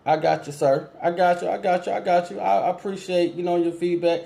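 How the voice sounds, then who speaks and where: Man, call-in show host, casual, slightly high voice, mellow tone, lots of ums, firm with callers. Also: fairly even intonation, brisk, vocal fry. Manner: laid-back, lots of ums, asks listeners questions; speaks to callers directly, polite and firm. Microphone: streaming setup with cameras.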